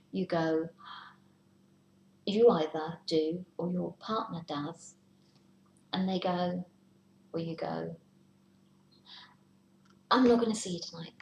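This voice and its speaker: A tarot reader with a lowish, dark-toned woman's voice gives a casual, chatty reading, now and then whispering to act out worried inner voices. The room is echoey, with a faint hiss.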